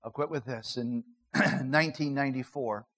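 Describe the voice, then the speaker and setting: A middle-aged man, a pastor, preaching a sermon and telling a personal story, moving between loud emphatic lines and hushed, earnest narration. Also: mid-range voice, normal speed, rough recording.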